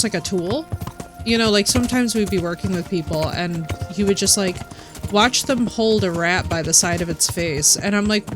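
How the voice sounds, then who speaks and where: Woman streamer, animated casual storyteller, loud game music underneath. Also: lowish voice. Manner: animated storyteller, quotes people in her own voice. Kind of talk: casual chat while gaming.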